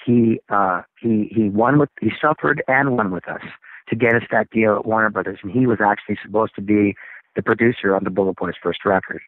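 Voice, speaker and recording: A man, a rock singer, telling stories in a casual interview, rambling and animated. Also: fairly low pitch, a little fast. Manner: rambling, animated storytelling with laughs. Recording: tinny phone line, dry.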